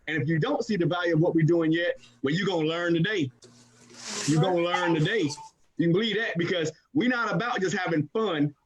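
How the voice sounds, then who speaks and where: High-pitched, fast-talking hype man. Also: dull audio, background noise. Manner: energetic, repetitive, call-and-response hype. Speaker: host of a live video call. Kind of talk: hyped-up live call hosting. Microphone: computer mic on a video call.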